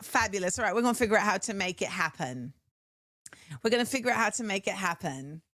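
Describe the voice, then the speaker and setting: A woman's voice: mid-range voice, fast, no echo, clean studio sound. A middle-aged woman hosting a talk show, chatting casually and animatedly. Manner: animated, chatty, laughs often.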